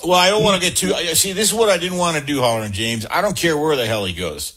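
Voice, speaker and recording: A man hosting a call-in sports radio show, brisk and joking as he keeps the calls moving. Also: on the high side, lively intonation, fairly bright tone, a little hiss or hum.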